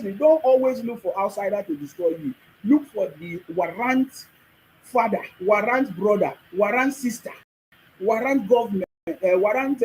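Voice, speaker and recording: This is a man with a Nigerian accent and a noticeably high voice, hosting a live stream. He speaks emphatically, repeats his points, and talks back to his viewers' comments in a preachy way. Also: darkish tone, slight background noise, poor audio. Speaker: livestream host.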